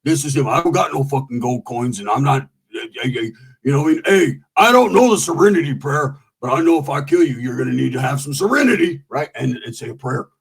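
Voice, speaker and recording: A man's voice: mid-range voice, animated, fairly quick, creaky, slightly rough. A man telling long, profane, rambling stories in a casual way, full of asides. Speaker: storyteller.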